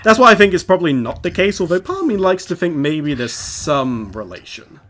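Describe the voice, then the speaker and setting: Chatty higher-voiced man playing a video game. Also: sing-song, a little fast, fairly bright tone, slight background noise. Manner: chatty, rambling, laughs often while explaining. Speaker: let's play host playing the game. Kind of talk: casual gameplay commentary.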